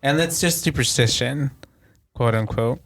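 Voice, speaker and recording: A podcast co-host in casual chat, relaxed and filling gaps with lots of um and yeah. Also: mid-range voice, measured pace. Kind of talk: casual chat reviewing a film.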